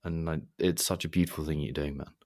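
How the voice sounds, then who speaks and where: A podcast host with a very deep voice talks in a casual, reflective way. He sounds enthusiastic about his guest's work. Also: steady tone, quick pace, darkish tone, faint music behind. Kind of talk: casual interview chat.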